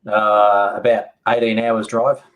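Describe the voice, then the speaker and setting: A man with an Australian accent, a guest on a livestream, explaining things in a measured, halting way. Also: fairly low pitch, level tone, fairly bright tone, low-quality recording. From central Victoria, Australia. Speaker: guest homesteader.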